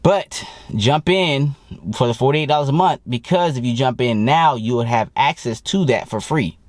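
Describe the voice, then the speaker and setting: A young man talking as a dating coach in a blunt, profane and animated casual monologue. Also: medium pitch, normal speed, no echo. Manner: profane, blunt and animated, mimics people he quotes.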